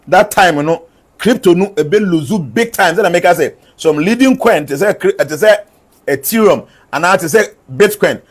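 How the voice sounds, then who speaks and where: A man with a somewhat raised pitch reads out prophetic forecasts by number. He repeats each point and slips between English and a local language as he explains. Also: husky. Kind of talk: numbered predictions mixed with local-language asides.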